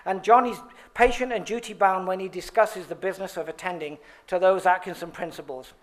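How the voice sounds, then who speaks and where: High-pitched guy reading a tribute at an awards dinner, jokey asides, laughs at his own lines. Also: fairly even intonation, a little fast. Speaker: award presenter. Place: banquet hall at an awards dinner.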